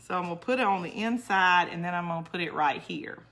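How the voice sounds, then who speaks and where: A woman's voice: fairly low pitch, fairly bright tone. A woman hosting a casual crafting livestream. She chats to her viewers, laughs often and answers their comments as she works. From northern United States. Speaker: crafting channel host.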